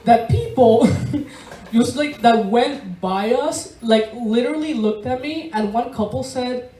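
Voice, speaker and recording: A woman from Venezuela performs stand-up to a live crowd, talking at an unhurried pace with a deadpan, laughing delivery. Her voice sits at an ordinary pitch and comes from some way off the mic, in an echoey room. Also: distant mic, slight background noise. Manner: slow, laughing deadpan storytelling with swearing. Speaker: stand-up comedian. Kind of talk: stand-up comedy set. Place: large room of a bar, live audience.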